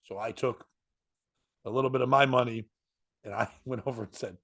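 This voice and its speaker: A comedian telling a story in casual chat, slipping into voices and laughing often. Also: male voice, medium pitch, a little fast. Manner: animated, jumps into voices and laughs.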